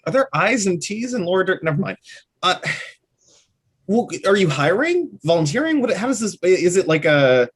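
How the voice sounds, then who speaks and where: A woman doing online improv comedy with a husky, slightly rough voice. Her pitch moves a lot while she stays deadpan and confident. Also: normal speed. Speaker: improv performer.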